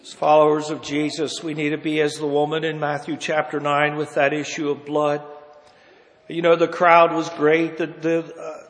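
A man with a high voice preaches a sermon and reads old-fashioned scripture aloud. He swings from hushed, low lines up to loud, impassioned cries. His voice rings with the long reverb of a large hall.

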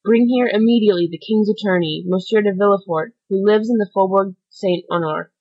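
A woman reading aloud, voicing a calm, grave nobleman who speaks in a measured way. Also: mid-range voice, lo-fi sound, close to an everyday voice. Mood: commanding.

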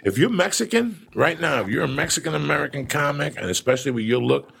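A middle-aged man hosting a casual chat, a profane and animated storyteller with a gravelly, husky voice. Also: on the high side, fast talker.

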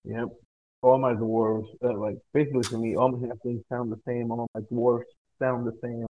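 A man's voice: medium pitch, flat delivery, moderate pace. A young man who runs tabletop games, chatting casually and hesitantly, often restarting his sentences. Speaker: tabletop game master. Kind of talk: casual podcast chat. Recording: tinny phone-like line.

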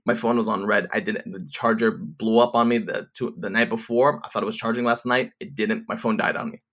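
A man in his twenties tells a story to camera in a fairly low, fairly bright voice with fairly even intonation. His fast, rambling retelling is full of swearing and many restarts.

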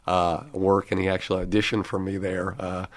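Lower-voiced man telling a lively anecdote. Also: normal speed. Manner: chatty, lively storyteller who quotes others. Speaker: comedy manager and podcast host, guest here. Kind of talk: anecdotal storytelling.

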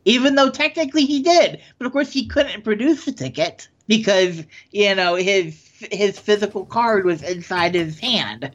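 A man's voice: sits high, expressive, normal speed, few pauses, a bit bright. A man co-hosting a podcast who reads news stories in a casual chat and often stumbles and corrects himself. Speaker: podcast co-host. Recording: dull lo-fi sound.

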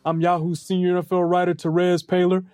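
A man's voice: sits high, completely flat delivery, fast talker, a little mellow, soft background music. Upbeat teasing podcast host, a man. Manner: upbeat, teasing, laughs along. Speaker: podcast host, NFL writer. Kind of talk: casual chat.

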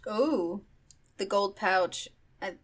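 A woman's voice: medium pitch, drawn-out words, a little hiss or hum. A woman playing a tabletop game, casually describing an item while searching for words. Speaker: player. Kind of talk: casual chat, tabletop role-play.

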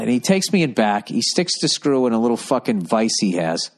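A man's voice: mid-range voice, very animated, a little fast. A man hosting a solo podcast, telling stories in a profane, rambling and exasperated way. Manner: storytelling with voiced asides. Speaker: podcast host.

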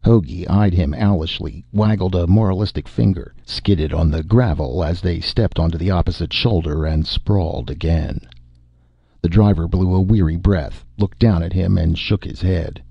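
Audiobook narrator, man, very low and gravelly, slightly husky, dry close recording. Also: no room sound, dull audio. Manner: steady, measured storytelling.

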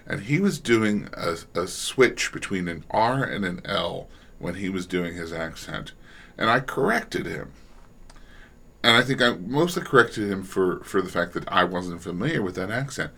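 Man, very low pitch, bright tone, reflective, casual panel talk. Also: lively intonation, moderate pace, creaky. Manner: reflective, frequent restarts. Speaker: audio drama director.

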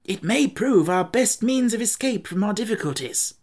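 A woman voicing a calm, thoughtful male scarecrow who speaks in a measured way, in an audiobook reading. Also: medium pitch, pitched above the performer's own voice, lightly acted. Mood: decisive. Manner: measured, deliberate.

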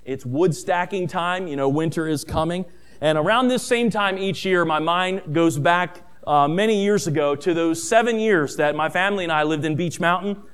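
A middle-aged man preaching a sermon who tells stories, calls his listeners family, and rises in pitch and volume on key points. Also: normal speed, a bit bright, smooth. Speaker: pastor.

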